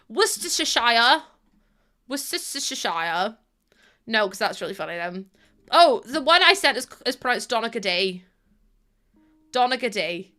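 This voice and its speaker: A young woman, streaming a game and chatting casually with her viewers, teasing and quick to laugh. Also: on the high side, sharp tone. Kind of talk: casual live-stream chat while gaming.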